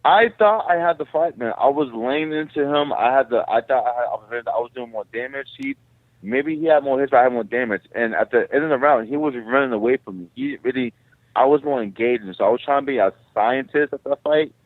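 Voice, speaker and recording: A man who is a guest fighter, telling stories in an animated, profane, casual way. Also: medium pitch, brisk, no echo. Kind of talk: casual interview. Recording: tinny phone line.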